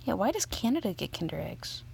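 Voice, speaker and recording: A woman's voice: medium pitch, very animated, fairly quick, gravelly, a little mellow, breathy edge. A woman hosting a let's play, chatting casually and teasing her friend with jokes. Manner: playful, teasing, jokey. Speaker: host. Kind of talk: casual chat while playing a mobile game.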